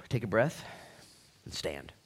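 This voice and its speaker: A pastor lowering his own voice to play God, speaking gently and quietly. The voice is calm and male and stays low. It sounds like an aside told inside a sermon. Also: slow pace, breathy edge, heavily acted. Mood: gentle.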